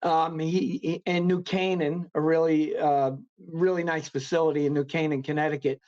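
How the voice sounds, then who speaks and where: Casting: New York man as a chatty podcast guest, a little high-pitched, rambling, muffled remote line. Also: level tone, moderate pace, a little mellow. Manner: rambling, many fillers and restarts. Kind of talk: casual interview chat.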